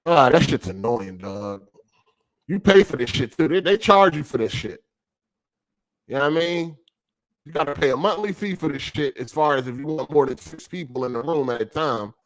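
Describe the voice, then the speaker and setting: A man's voice: fairly high pitch, animated, moderate pace. A man hosting a gaming podcast stream, talking casually with heavy swearing and slang, venting his frustration. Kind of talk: casual profane rant. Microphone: streaming setup over a weak connection.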